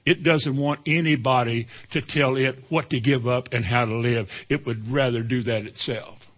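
Folksy preacher man, bright voice. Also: moderate pace. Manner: folksy, animated preaching with sudden high exclamations. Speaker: pastor. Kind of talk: sermon.

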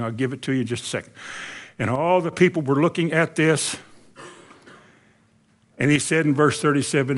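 A man preaching a sermon, telling a Bible story animatedly and acting out the quoted lines in a raised voice. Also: fairly high pitch.

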